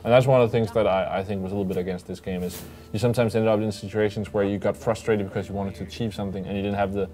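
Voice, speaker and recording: Man, lowish voice, casual stream chatter, quick gaming advice, soft game music behind. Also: fairly even intonation. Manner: chatty, quick advice-giving, lots of fillers. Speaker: livestream co-host. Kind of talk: casual gameplay chat.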